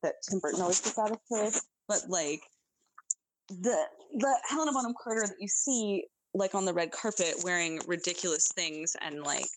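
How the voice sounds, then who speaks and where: A woman chatting casually as a podcast co-host, recapping a movie scene by scene in a lively, filler-filled way. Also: on the low side, normal speed, no echo, low-quality recording. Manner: chatty, animated, lots of fillers.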